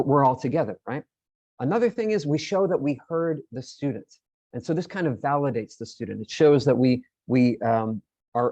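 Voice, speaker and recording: A man's voice: medium pitch, mellow, no room sound, muffled recording. A man presenting an online teacher-training session, explaining in a friendly way and often repeating his words.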